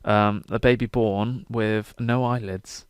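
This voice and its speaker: A young man co-hosting a casual podcast, telling jokes with a deadpan setup and swearing freely. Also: on the low side, takes it slowly, clear, resonant tone, no room sound, studio quality. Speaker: podcast co-host. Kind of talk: casual banter.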